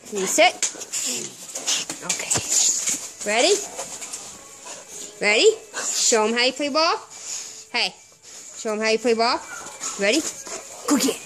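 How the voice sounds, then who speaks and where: A woman's voice: high voice, background noise. A woman filming her dog in its kennel and talking to it in sing-song, coaxing baby talk, with plenty of repetition. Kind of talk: casual video talking to a pet.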